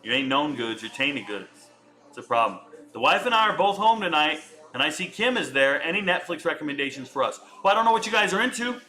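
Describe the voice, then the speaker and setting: A man's voice: fairly high pitch, lively intonation, a little fast, bright, forceful tone, faint music behind. A man in his forties chatting casually on a home live stream, riffing and answering viewer comments. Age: 40s.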